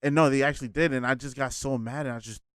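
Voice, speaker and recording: A man in a casual podcast chat, telling stories in an animated, profane way. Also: mid-range voice, quick pace, clean tone, no room sound, clean studio sound.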